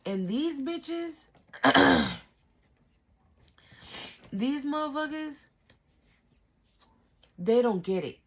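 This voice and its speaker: A woman's voice: high-pitched, very animated, extremely slow, pauses often. A woman giving a spiritual tarot reading straight to the viewer, emphatic and slangy, with frequent swearing. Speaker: tarot reader.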